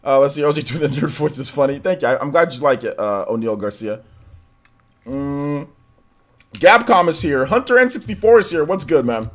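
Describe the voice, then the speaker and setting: Guy streaming games, shouting out chat, voice kinda worn, laid back. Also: fairly high pitch, normal speed. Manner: casual, energetic shout-outs to chat. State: voice still recovering, slightly worn. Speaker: gaming streamer. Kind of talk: live stream chat, greeting viewers.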